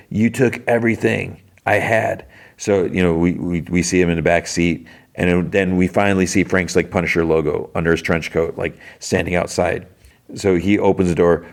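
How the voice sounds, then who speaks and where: Gravelly low-voiced man, rambling recap. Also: a little mellow. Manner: rambling, full of "like" fillers. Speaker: podcast host. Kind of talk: casual recap of a TV episode.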